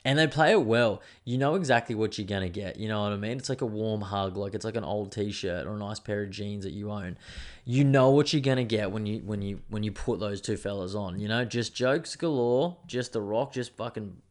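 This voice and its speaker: A man's voice: on the low side, a little fast. Sweary, rambling man. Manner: rambling, sweary and laid-back. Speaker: podcast host. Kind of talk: casual chat.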